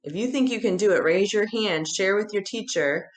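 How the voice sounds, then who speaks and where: A woman teaching Spanish numbers to children in an upbeat video lesson, animated and encouraging, drawing out the words as she counts. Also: mid-range voice, normal speed, roomy sound.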